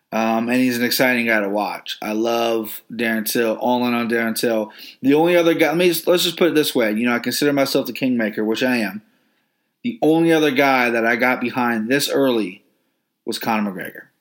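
A man hosting a podcast, giving brash, profane, opinionated commentary on fighters. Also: mid-range voice. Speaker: podcast host.

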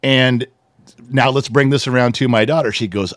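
A middle-aged man co-hosting a casual podcast, telling a family story with lively, animated delivery and acting out what others said. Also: mid-range voice, moderate pace, no echo. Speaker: podcast co-host. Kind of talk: casual chat.

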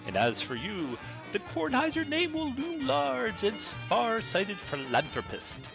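A man's voice: extremely high pitch, huge pitch swings, slow, creaky, music in the background, full character voice, poor audio. A man voicing a pompous turn-of-the-century patent-medicine magnate in a florid, grandiose old-timey manner. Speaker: listener sending in a bit.

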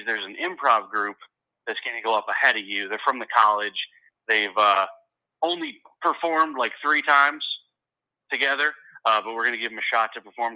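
A middle-aged man, a stand-up comedian, telling a story in loose, animated casual conversation, often repeating words as he gets excited. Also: medium pitch, rough recording.

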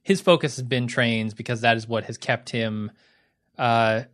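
A man co-hosting a casual film chat, measured and thinking aloud with fillers. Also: medium pitch, fairly bright tone. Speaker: podcast co-host.

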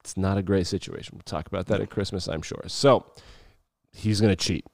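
A man's voice: sits low, steady tone, brisk, creaky, darkish tone, no room sound, clean studio sound. A young man co-hosting a podcast, telling stories in a rambling, casual way and laughing often. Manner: rambling storyteller, laughs often, acts out quotes. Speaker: podcast co-host. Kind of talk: casual chat.

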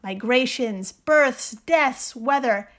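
A woman co-hosting a podcast in casual chat, with a lively, playful and profane manner. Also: high-pitched, takes it slowly. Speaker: podcast co-host.

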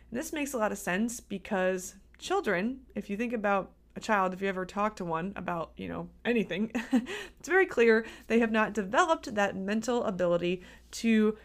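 Chatty upbeat woman hosting a podcast. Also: medium pitch. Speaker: podcast host and dietitian. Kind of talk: solo podcast talk.

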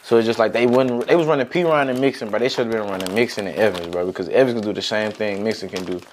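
A man's voice: lowish voice, quick pace, a little hiss or hum. A young man breaking down football plays in casual, slangy chat with friends.

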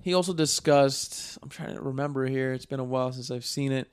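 A man's voice: medium pitch, brisk, clean tone, no room sound, studio quality. A man in casual chat with friends, rambling with many "like" fillers.

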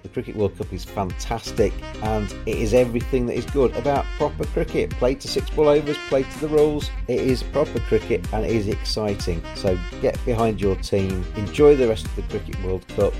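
A man from Yorkshire hosting a podcast, delivering an opinionated rant in a solo monologue. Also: on the low side. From Yorkshire, England. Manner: opinionated, ranting. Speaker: podcast host.

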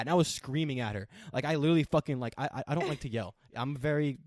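A young man tells a personal story at a rapid clip, cursing freely and acting out the lines he quotes. His voice sits a little high for a man. The sound is close and dry. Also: no echo. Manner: profane, animated storytelling with quoted dialogue. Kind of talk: casual chat.

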